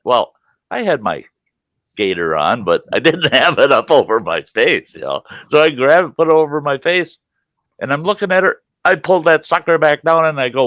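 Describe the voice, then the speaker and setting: A man's voice: on the high side, expressive, moderate pace, a bit bright, dry recording. A middle-aged man telling a salty, folksy story to his livestream chat, laughing often. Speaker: livestream host. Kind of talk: casual storytelling to a live chat.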